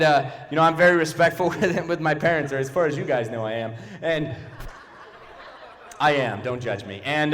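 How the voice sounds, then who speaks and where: A man with a notably high voice performs stand-up comedy, playful and animated, often turning to talk straight to the crowd. His voice carries the long reverb of a large church hall. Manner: animated, playful, talks to the audience. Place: church auditorium before a live audience.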